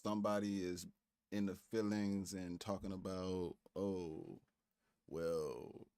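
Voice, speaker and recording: A man co-hosting a stream, giving animated, profane commentary with laughing asides. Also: low-pitched, moderate pace, smooth. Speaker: stream co-host. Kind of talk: casual commentary.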